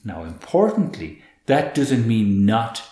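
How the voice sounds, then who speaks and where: Deep-toned man, guest expert, animated and earnest, roomy echo. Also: slow. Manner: earnest, animated, repeats words as he restarts. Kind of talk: conversational explaining.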